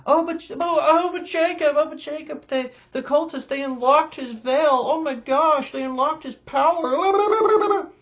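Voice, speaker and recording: A man mocking a whiny, pleading male fan in a high, shrill put-on voice. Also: measured pace, fairly bright tone, lo-fi sound, full character voice. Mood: mocking whine.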